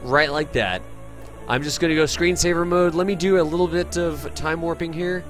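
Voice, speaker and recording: Upbeat male streamer, higher voice, friendly gameplay talk over faint music. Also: moderate pace. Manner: upbeat and chatty, thanks viewers, calls people dude. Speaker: game streamer. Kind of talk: live gameplay commentary, reading chat.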